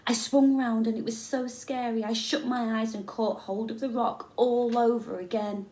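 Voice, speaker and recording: A woman teacher reading a children's story aloud with expressive, dramatic storytelling. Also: a little high, normal speed, recorded from a distance. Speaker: primary school teacher. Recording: echoey room.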